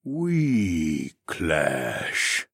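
A man voicing a huge, slow, terse male sloth-man creature in an audiobook, speaking in short droning words. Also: extremely low pitch, wildly swooping pitch, creaky, a bit bright, slightly rough, no room sound, studio quality, pitched below the performer's own voice, exaggerated voice. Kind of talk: audiobook character voice.

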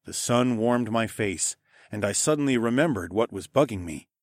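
Expressive male fantasy audiobook narrator. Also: mid-range voice, normal speed, no echo, studio quality. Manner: expressive, drops to a hush for tags.

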